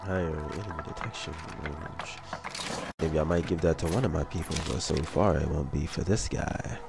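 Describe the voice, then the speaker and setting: A man's voice: very deep voice, normal speed, gravelly. A man with a cold giving casual let's-play commentary, rambling and talking to himself with goofy asides. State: sick with a cold. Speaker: gaming video creator. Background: game music.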